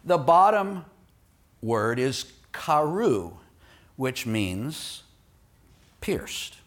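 A man preaching a sermon, emphatic and animated, often asking his listeners questions. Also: medium pitch, drawn-out words. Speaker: pastor.

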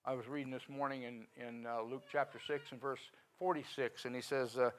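Folksy male preacher with loud swells. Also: mid-range voice, flat delivery, brisk, hardly any pauses, poor audio. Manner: folksy, conversational preaching with sudden loud rises. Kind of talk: sermon.

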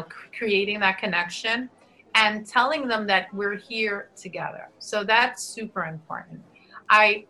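Earnest woman teacher, bright clear tone, sprinkles in Spanish, restarts often. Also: medium pitch, poor audio. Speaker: dual language teacher. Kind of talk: reflective interview answer.

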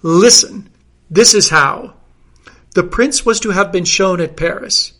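A man's voice: high-pitched, takes it slowly, a bit bright, full character voice. A reader voicing a pompous, self-assured great detective who declares his reasoning in a grandiose, declamatory way. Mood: grand.

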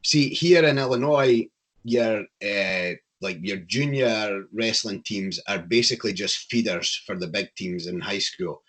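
A Scottish man in casual chat, animated and opinionated, with a passionate way of talking. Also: on the low side, a little slow. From Scotland.

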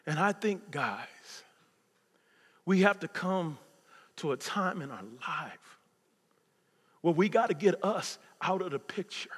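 A man in his fifties preaching a sermon as pastor, swinging from loud preaching to hushed near-whispers. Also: high voice, expressive, slow, long pauses, husky. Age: 50s. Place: church sanctuary. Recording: long hall reverb.

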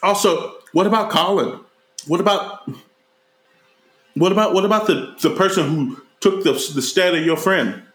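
A man co-hosting a casual, profane movie review chat, leaping into high mocking voices when he retells scenes. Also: moderate pace. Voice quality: animated, jumps into high mocking voices for quoted characters. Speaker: podcast co-host reviewing a movie. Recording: roomy echo.

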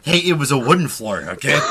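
A man's voice: a little high, vocal fry, sharp tone, breathy edge. A man co-hosting a podcast, telling a rambling story in casual chat, laughing at himself often. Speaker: podcast co-host.

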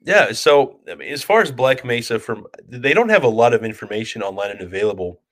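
A man co-hosting a podcast, telling stories in a relaxed, chatty way. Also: mid-range voice, fairly quick. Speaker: podcast co-host. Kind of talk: casual storytelling chat.

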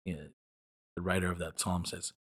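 A man's voice: low-pitched, level tone, a little fast, slightly rough. A young man, a church planter, telling a personal story in an interview in an earnest, rambling way with many restarts.

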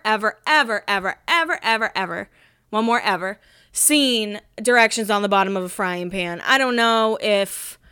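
A woman's voice: a little high, pushed and bright, smooth, dry recording, studio quality. A woman in her thirties hosting a podcast, chatting casually with giggly asides while getting over a cold. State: has a cold. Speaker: podcast host. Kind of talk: casual recap chat.

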